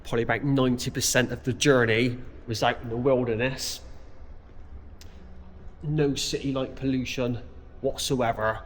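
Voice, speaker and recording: A young man vlogging his holiday to an action camera outdoors, chatty and excitable, swearing freely. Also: medium pitch, moderate pace, long pauses, slight background noise. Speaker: travel vlogger. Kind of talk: casual travel vlog to camera. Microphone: action camera mic.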